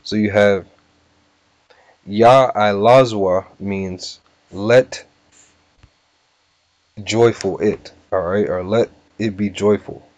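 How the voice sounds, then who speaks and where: A man teaching a scripture lesson, casual and repetitive, sounding out words slowly. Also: on the low side, steady tone, darkish tone, dry recording. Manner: casual, repeats "all right" and "you know", sounds words out slowly. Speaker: bible teacher. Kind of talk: scripture lesson with word-by-word breakdown.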